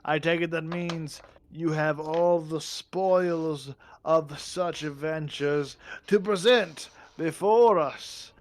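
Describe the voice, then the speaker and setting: A man voicing a pompous, greedy male goblin king who speaks in a drawn-out, grandiose way. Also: fairly high pitch, pitched above the performer's own voice. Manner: grandiose, drawn-out regal speech.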